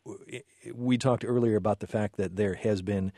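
A man hosting a radio talk show, speaking in a measured way with frequent fillers and self-corrections. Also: lowish voice, steady tone, mellow, dry recording, studio quality. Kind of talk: radio interview.

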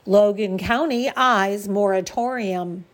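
Woman news reader, local radio bulletin, unhurried and deliberate, mid-pitched voice. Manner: measured, deliberate delivery with occasional stumbles.

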